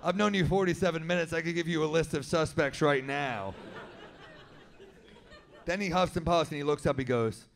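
A man telling a story in stand-up comedy at an indoor venue, with a wry, deadpan delivery. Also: a little high, moderate pace, vocal fry, long pauses, slight background noise.

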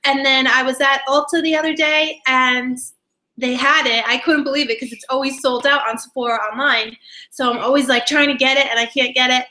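Casting note: a woman with a bright, sharp voice, bubbly and giggly, greeting her live viewers. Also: high-pitched, steady tone, a little fast. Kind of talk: casual live-stream chat. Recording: echoey room.

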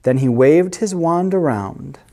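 A woman librarian reading a picture book aloud to children in an expressive storytelling voice. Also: sits low, measured pace.

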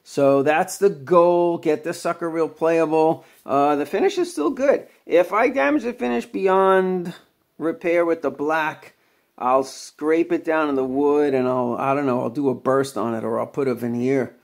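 A man's voice: fairly high pitch, unhurried. A middle-aged man chatting casually as he walks through a home guitar repair, rambling with many fillers. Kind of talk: casual workshop vlog.

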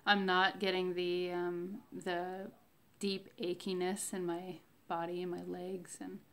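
Woman, casual devotional diary, slow and thoughtful, gravelly fry in the voice. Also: fairly low pitch, flat delivery, fairly bright tone. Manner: slow, reflective, devotional, with many fillers. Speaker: vlogger sharing a fasting diary. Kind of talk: casual spoken faith diary.

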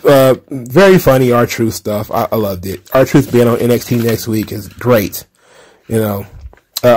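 Sarcastic asides, frequent laughs and many filler words mark this wrestling commentary podcaster's loose style as he hosts a casual recap show. His voice is medium-pitched and a little mellow.

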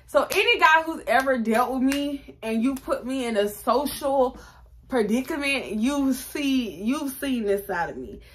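A woman's voice: measured pace, slight background noise. Chatty young woman telling a story. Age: 20s. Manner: animated, chatty, acts out quotes with raised pitch. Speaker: vlogger. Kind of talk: casual storytime.

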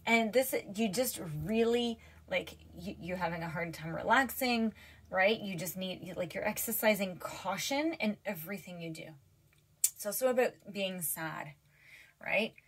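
A woman reads tarot cards for her viewers in a casual, chatty way, full of fillers and restarts. She is teary and emotional as she talks, her voice sitting at a middle pitch. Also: normal speed, fairly bright tone, breathy edge. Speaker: tarot reader.

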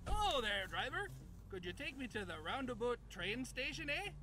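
A chirpy tourist with a put-on Canadian accent. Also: male voice, extremely high pitch, sing-song, moderate pace, music in the background. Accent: exaggerated fake Canadian. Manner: polite, chirpy, says "eh" constantly. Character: cheerful male tourist with fake Canadian accent.

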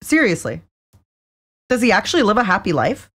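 A young woman co-hosting a podcast, teasing her partner and laughing easily. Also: medium pitch. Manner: animated, teasing, quick to laugh. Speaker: podcast co-host. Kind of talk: casual chat.

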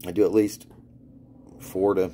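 A man from Florida, a spiritual vlogger, wanders through a rambling monologue in a low, mellow voice with flat delivery and a slightly slow pace. He restarts, trails off, swears often and laughs through his tales. A little hiss or hum is audible.

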